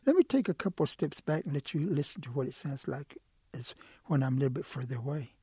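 A man voicing an eager, curious male quail in a told folk tale, pleading and excited in a raised voice. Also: mid-range voice, fast talker, slightly rough, no echo, studio quality. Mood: wheedling.

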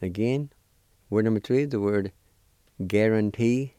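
A man giving a weekly language lesson, deliberately spelling out and pronouncing words syllable by syllable. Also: lowish voice, mellow, clean tone, dry recording, studio quality. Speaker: language teacher.

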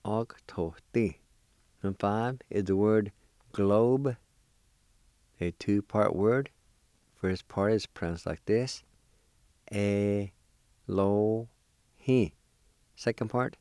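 A man speaks very slowly in a lowish, mellow voice, patiently sounding out syllables for a recorded pronunciation lesson. The voice is close and dry, with an encouraging teacher's manner. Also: dry recording. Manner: patient, spells out syllables one by one. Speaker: language teacher.

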